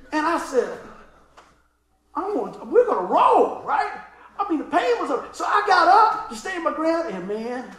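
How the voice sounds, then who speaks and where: A middle-aged male pastor with a high voice tells a comic story from the pulpit, laughing as he goes and then sinking into hushed asides. His voice carries through a roomy, echoing hall. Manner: animated, laughing storyteller who drops to quiet asides. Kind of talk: sermon with humorous storytelling.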